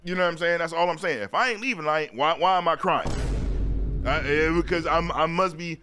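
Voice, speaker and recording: A man hosting a live-stream sports talk show, chatting loosely in slang, reading viewer comments aloud and shouting out viewers. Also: a little high, brisk, clean tone, faint music behind. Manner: loose slang-heavy chat, repeats "you know what I'm saying".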